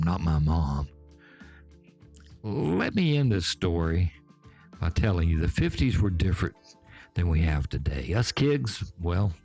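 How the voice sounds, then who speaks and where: A man in his seventies with a Georgia accent telling folksy tales in an unhurried way, talking straight to his listeners. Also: low-pitched, darkish tone. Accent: Southern US, Georgia. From Georgia, USA. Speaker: storyteller host. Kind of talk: folksy spoken storytelling. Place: back porch.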